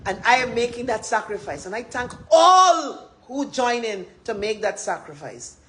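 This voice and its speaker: A woman with a Guyanese accent, speaking passionately as a political campaigner on a livestream, often rising into loud, emphatic shouts. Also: on the high side, sing-song, moderate pace, low-quality recording.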